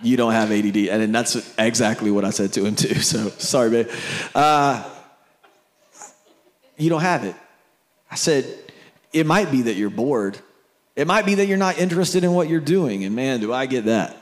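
A man's voice: medium pitch, animated, moderate pace, pauses often. A man preaching a sermon, telling a family story in a conversational way and speaking to the crowd directly.

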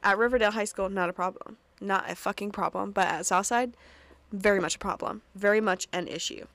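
A young woman talks through a TV episode in a relaxed, chatty recap. She swears freely, laughs often and drifts into quick asides. Her voice sits at a middle pitch on a dry, close recording with no room sound. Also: no echo. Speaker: podcast host recapping a TV episode. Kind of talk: casual solo recap.

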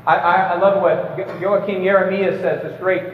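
A man's voice: high voice, flat delivery, moderate pace, slight background noise. A man giving an emphatic prepared debate speech to a live audience, lecturing with occasional stumbles and light jokes. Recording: echoey hall, distant mic, slightly dull.

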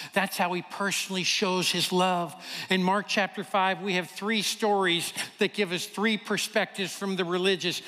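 A high-voiced man from Kentucky preaches in a church hall, his words trailing off in a long reverb. He tells a personal story with animated energy and acts out the voices of the people in it.

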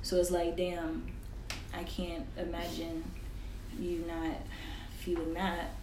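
A woman's voice: on the low side, monotone, slow. A young woman co-hosting a casual podcast chat, blunt and slangy, swearing freely. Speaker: podcast co-host. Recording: distant mic in an echoey room with noise.

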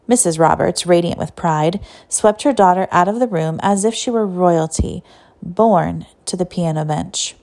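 A woman narrating a story in a steady, even reading voice. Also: fairly low pitch, unhurried. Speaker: audiobook narrator.

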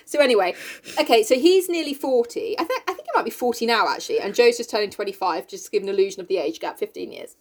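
A higher-pitched woman talking in a lively, swooping voice. She chats casually and swears freely. She laughs a lot as she recaps a story. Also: fast talker. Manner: chatty, sweary, laughs often. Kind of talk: casual chat recapping a novel.

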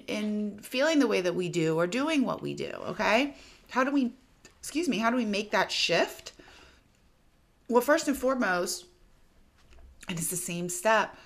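Speaking straight to camera, a woman of around thirty offers casual self-help advice, frank and occasionally swearing. Her voice is medium in pitch and a bit bright.

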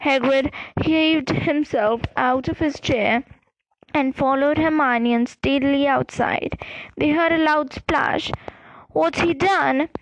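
A woman reads a storybook aloud in a high voice at a slow, careful pace. She sometimes stumbles and restarts a word. The sound is close and dry. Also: dry recording, low-quality recording. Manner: careful reading with small restarts on words. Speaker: audiobook reader. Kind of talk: storybook narration.

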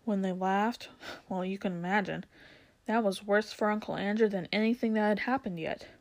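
A woman narrating a children's novel aloud in a steady storytelling way, with the odd stumble and restart. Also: medium pitch, normal speed.

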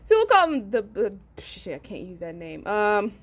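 A young woman hosting a podcast, telling a personal story in a blunt, profane, animated way with frequent laughs. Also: medium pitch, normal speed. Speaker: podcast host. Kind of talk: storytelling monologue.

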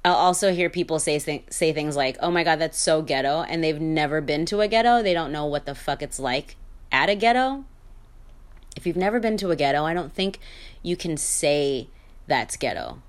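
Low-voiced woman hosting a candid podcast. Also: lively intonation, moderate pace. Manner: candid and opinionated, with frequent fillers and restarts. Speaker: podcast host. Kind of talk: solo podcast monologue.

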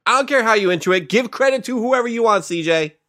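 A man's voice: high-pitched, animated, fast talker, sharp tone, dry recording. A man co-hosting a podcast in casual chat, dry and matter-of-fact. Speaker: podcast co-host.

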